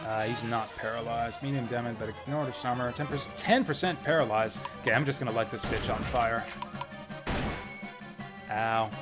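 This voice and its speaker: A man's voice: medium pitch, moderate pace, over music. Chatty man streaming a game. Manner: chatty, rambling, laughs often. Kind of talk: casual game commentary.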